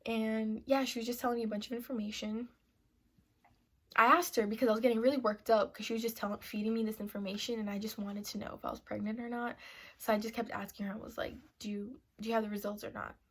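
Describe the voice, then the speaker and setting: Chatty young woman, slightly high voice. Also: flat delivery, fast talker. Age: young adult. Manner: chatty, full of "like" and "you know" fillers. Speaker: vlogger. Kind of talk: casual sit-down story time. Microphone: camera mic, seated to camera.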